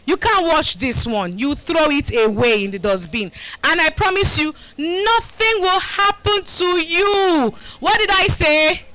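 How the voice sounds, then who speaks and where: Bright, high-voiced Nigerian woman educator. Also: lively intonation, a little slow, rough recording. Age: middle-aged. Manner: rousing, call-and-response, coaxing the crowd. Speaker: community health educator. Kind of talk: live demonstration talk to a group. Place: community gathering.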